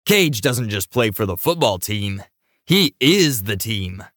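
A man voicing a burly, boisterous male college football fan who talks loudly and eagerly. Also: on the low side, very animated, slow pace, no echo, clean studio sound, heavily acted. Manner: brash, shouting, enthusiastic.

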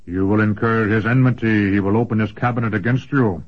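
A man doing a gruff rumbling old sorcerer. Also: steady tone, a little fast, close to an everyday voice. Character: massive, gruff old male sorcerer, skeptical. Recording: dull lo-fi recording.

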